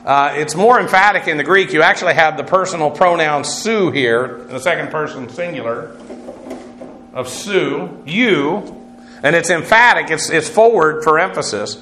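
A man's voice: on the high side, moderate pace, bright, forceful tone. A man teaching a Bible lesson, walking through Greek words, spelling them out letter by letter with frequent filler sounds. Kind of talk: Greek word-study lecture. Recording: echoey room with faint noise.

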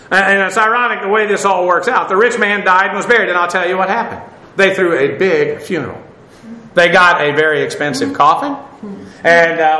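A man's voice: high voice, pushed and bright, roomy sound. A man preaching a casual sermon, chatty, with wry asides and many fillers.

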